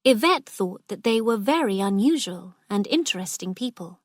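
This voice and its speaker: A woman narrating a graded storybook for language learners in a clear, steady way. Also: medium pitch, moderate pace, dry recording, clean studio sound.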